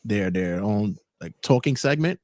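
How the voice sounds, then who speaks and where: A man hosting a casual podcast chat, telling anecdotes in an animated way. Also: on the low side, measured pace, no room sound. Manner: animated storyteller, laughs while telling. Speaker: podcast host.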